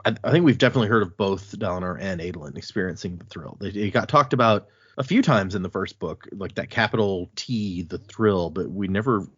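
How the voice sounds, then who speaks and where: A man with a lowish, husky voice hosts a relaxed book podcast. He switches between reading passages aloud and loosely talking them over, with fillers and restarts along the way. The sound is dry and a little dull. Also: fairly quick, hardly any pauses, no room sound. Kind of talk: casual book discussion with read-aloud passages.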